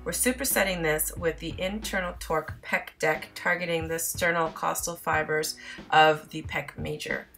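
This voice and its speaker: A woman with a fairly low voice narrates her gym session in voice-over. She is instructional and explains each muscle in detail, with faint music behind her. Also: steady tone, normal speed, creaky, fairly bright tone. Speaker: fitness vlogger.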